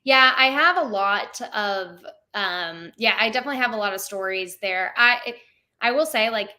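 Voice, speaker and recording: A woman's voice: mid-range voice, expressive, moderate pace, pushed and bright. A young woman telling stories in a casual interview as a theme park performer, chatty and full of "like" fillers. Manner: chatty, many "like" fillers, laughs often.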